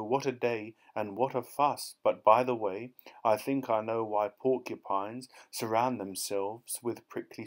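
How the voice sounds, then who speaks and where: A man narrating an audiobook of rhyming children's poems, reading in a lively, bouncy rhythm. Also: lowish voice. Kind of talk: reading rhyming verse aloud.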